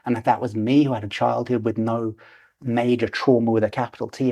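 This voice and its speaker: A man's voice: medium pitch, a little mellow. A man in his forties, a podcast guest telling a personal story animatedly and acting out the voices in it. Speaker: podcast guest, lucid dreaming teacher.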